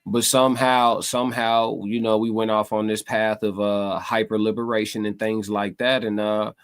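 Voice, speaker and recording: A man's voice: fairly low pitch, level tone, normal speed, clean tone. A man hosting a live stream, talking casually to his chat in a loose, meandering way, repeating himself and searching for words. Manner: loose and meandering, many fillers and repeated phrases.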